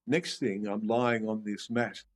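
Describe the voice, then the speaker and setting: Australian man telling stories, lower voice. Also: unhurried, low-quality recording. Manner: animated storyteller who acts out his past reactions. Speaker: guest, shamanism teacher. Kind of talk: casual storytelling interview.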